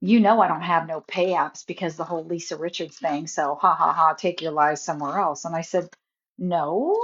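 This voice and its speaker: A woman's voice: low voice, fairly even intonation, normal speed, a bit bright, husky. A woman vlogging in a casual rant, indignant and rambling, often cutting herself off mid-sentence. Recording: dull lo-fi phone audio.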